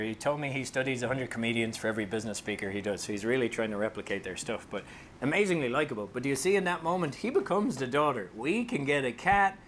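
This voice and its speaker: An Irish man presents a lively comedic talk to a live audience, joking and dropping into quick character voices. His voice sits at a middling pitch. A faint low rumble runs underneath. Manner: animated and joking, slips into voices for quotes. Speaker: speaker and author.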